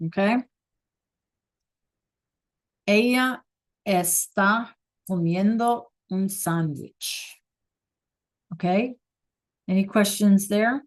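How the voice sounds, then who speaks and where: A woman teaches a Spanish lesson over a video call. She talks unhurriedly and patiently, pausing to ask her students if they follow. Her voice sits at a middling pitch. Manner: patient, checks in often with "right?" and "okay?". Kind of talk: online class teaching.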